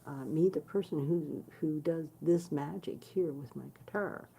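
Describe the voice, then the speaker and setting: A woman's voice: low voice, measured pace, gravelly, dark tone, husky. A woman musician talking casually to her followers, blunt and swearing freely, with many fillers and restarts. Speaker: guitarist hosting her own stream. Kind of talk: casual direct-to-camera chat.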